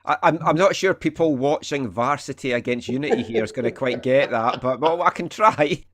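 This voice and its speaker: A man co-hosts a laid-back podcast and ribs his friends with crude jokes. His speaking voice is mid-pitched and unremarkable in tone. He moves the chat along between his teasing. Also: brisk, a bit bright. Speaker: podcast co-host.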